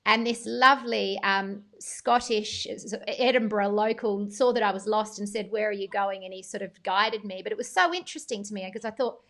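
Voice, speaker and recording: A woman's voice: mid-range voice, moderate pace, few pauses, a bit bright. A woman hosting a live-show interview, enthusiastic and affirming, reading out viewer comments. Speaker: host.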